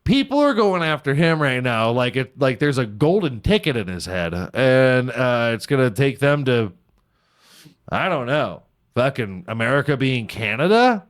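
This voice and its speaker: A man with a smooth, clear voice at a middle pitch, hosting a comedy podcast in loose, unscripted banter. He is irreverent and sarcastic, swears often and laughs at his own jokes. At times he slides into a deadpan parody of an ad read. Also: normal speed. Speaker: podcast host.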